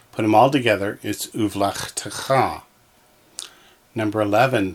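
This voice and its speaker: A man teaches from a workbook, reading each exercise aloud and patiently sounding out every syllable before blending it into a whole word. His voice sits low and carries a gravelly rasp, and he takes his time. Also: unhurried, long pauses. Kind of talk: slow textbook reading lesson.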